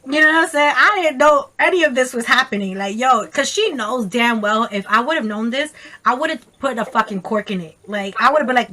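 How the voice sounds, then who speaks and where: A woman tells a story to her camera in a casual, animated, profane way, full of slang and quoted voices. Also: sits high, brisk, a little hiss or hum. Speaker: vlogger.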